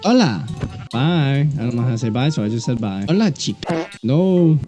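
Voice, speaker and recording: A young man giving casual gameplay commentary as a video creator, goofy and self-mocking, with sudden high-pitched outbursts. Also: animated, fast talker. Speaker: gaming YouTuber. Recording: music playing behind.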